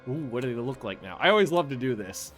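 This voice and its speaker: A man giving casual, chatty commentary on his strategy game, thinking aloud and getting easily excited. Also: medium pitch, quick pace, faint music behind. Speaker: video game streamer. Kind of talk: casual let's-play commentary.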